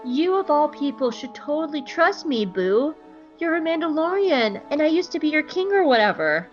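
A woman putting on a smug male villain who makes his threats sound offhand and bored, his voice pitched high and breezy. He comes across as mocking and flippant, on a slightly muffled lo-fi recording. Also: big pitch swings, moderate pace, faint music behind. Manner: flippant, valley-girl casual menace.

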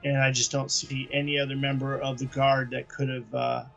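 A man's voice: medium pitch, completely flat delivery, normal speed, vocal fry, a bit bright, lo-fi sound, faint music behind. A man co-hosting a comics podcast, talking casually and rambling through his points. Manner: chatty, rambling with restarts. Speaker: podcast co-host. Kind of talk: casual chat about comics.

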